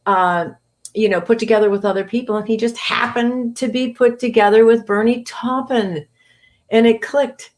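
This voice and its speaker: A woman from New England talking as a voice actor guest in a casual interview, chatty and animated, laughing often. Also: medium pitch.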